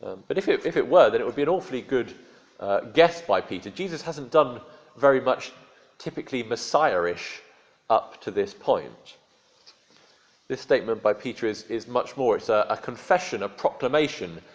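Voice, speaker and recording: A man's voice: medium pitch, lively intonation, moderate pace. A man preaching a sermon in a conversational storytelling way with dry humor. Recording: dull lo-fi sermon recording.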